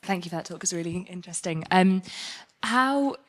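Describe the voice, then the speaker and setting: A woman's voice: lowish voice, lively intonation, moderate pace. A woman in the audience asking a polite question, searching for her words.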